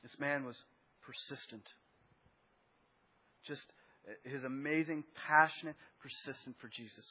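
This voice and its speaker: A man's voice: mid-range voice, steady tone, unhurried, in a large hall, lo-fi sound. A man preaching a sermon as pastor, conversational, with rhetorical questions and asides to the congregation.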